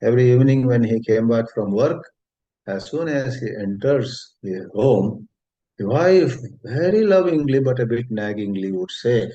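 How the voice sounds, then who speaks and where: A man with an Indian English accent giving a spiritual talk, gentle and unhurried, telling a story and rephrasing his words as he goes. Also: mid-range voice, expressive. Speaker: spiritual teacher. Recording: dull lo-fi recording.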